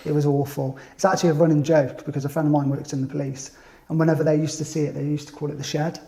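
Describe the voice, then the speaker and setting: A man, a business owner telling lively stories in casual chat and acting out other people's voices. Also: on the high side, fast, gravelly. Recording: echoey room.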